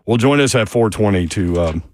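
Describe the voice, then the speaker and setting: A man's voice: on the low side, lively intonation, fairly quick, no echo. Chatty male sports radio host, dry sound. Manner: chatty, reads listener messages. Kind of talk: casual sports radio chat.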